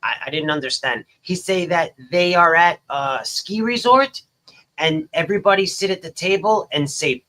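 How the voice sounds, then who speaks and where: An American man chatting casually as a podcast host, telling stories in an animated, exclaiming way. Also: on the high side, moderate pace. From United States.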